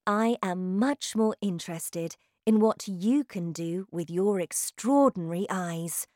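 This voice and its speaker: A woman reading aloud who voices a gentle, kind young woman teacher, speaking softly and calmly. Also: medium pitch, slow, dry recording, studio quality, natural voice. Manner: soft, calm.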